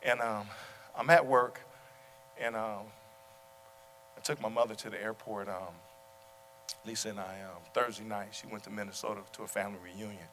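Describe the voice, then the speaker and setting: A male pastor preaching a sermon to his congregation, talking through stories and repeating his question, at times rising to loud exclamations. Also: lowish voice, a little hiss or hum. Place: church sanctuary. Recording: long hall reverb.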